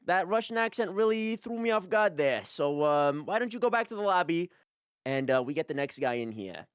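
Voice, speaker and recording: A man's voice: fairly high pitch, animated, normal speed, clear, resonant tone, no room sound, clean studio sound. A man improvising as a breezy, teasing job interviewer in a comedic party game. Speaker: game player acting as interviewer. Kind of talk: improvised comedic role-play.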